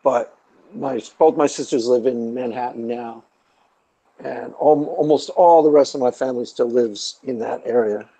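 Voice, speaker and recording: A man's voice: mid-range voice, normal speed, warm tone, poor audio. A man from the New York area with a New York accent, hosting a joking casual chat. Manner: jokey, teasing. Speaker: channel host.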